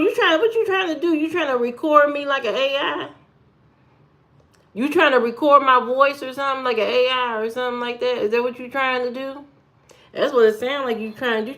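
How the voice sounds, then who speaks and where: A woman's voice: high voice, a bit bright. A woman chatting casually on her livestream, teasing and bantering with her viewers in a playful, rambling way.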